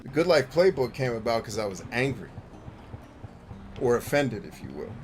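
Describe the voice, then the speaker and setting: Man, gaming host, mid-pitched voice, blunt, swears freely, casual gameplay commentary, faint game music behind. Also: big pitch swings, normal speed, a little mellow. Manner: blunt, profane and emphatic; laughs easily, jokey asides.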